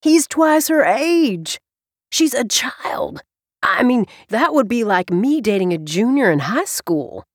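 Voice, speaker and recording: A woman voicing a blunt, skeptical grown man with gruff, wry remarks in an audiobook. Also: mid-range voice, very animated, moderate pace, hardly any pauses, dry recording, studio quality, pitched above the performer's own voice. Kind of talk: audiobook character reading.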